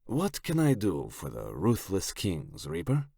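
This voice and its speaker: A man voicing a menacing, slick Italian crime boss in an audiobook, with a put-on Italian accent and a slow, smug, suggestive delivery. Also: sits low, wildly swooping pitch, creaky, dark tone, dry recording, studio quality, pitched above the performer's own voice, exaggerated voice. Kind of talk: audiobook character voice.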